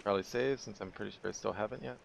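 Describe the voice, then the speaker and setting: A man's voice: fairly low pitch, racing, creaky, slight background noise. A man streaming a game and commenting casually, with sarcastic, mumbled asides.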